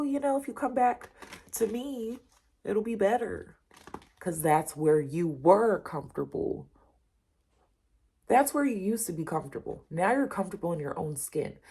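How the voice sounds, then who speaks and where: A woman with a dark, husky voice gives a casual tarot reading, speaking straight to her listeners. She repeats her points with emphatic reassurance and calls them y'all. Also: low voice. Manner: direct, repetitive, addresses the listener as you and y'all. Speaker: tarot reader.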